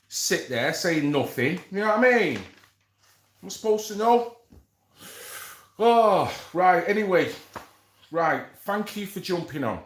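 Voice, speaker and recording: A man's voice: sits high, sing-song, slow, pauses often, fairly bright tone. A man who hosts a live stream, chatting casually and rambling with slang asides as he reads from an article. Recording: echoey room.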